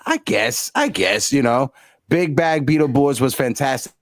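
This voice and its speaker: Male host, from New York, animated and slangy, dry recording. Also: medium pitch, unhurried, no echo. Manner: animated, shouting out viewers, blunt slang. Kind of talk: casual livestream chat.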